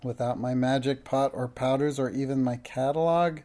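A fierce, boastful old witch from a storybook, sneering and making threats, as a man reads her lines. The voice is gravelly and dark. It stays close to a plain reading voice. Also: mid-range voice, level tone, moderate pace, close to an everyday voice. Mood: scornful. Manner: scornful, shrieking threats.

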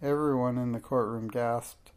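A man's voice: mid-range voice, steady tone, moderate pace, clean tone. A man reading a children's storybook aloud, giving the characters light voices. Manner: gentle, reads children's dialogue with light voices. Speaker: narrator.

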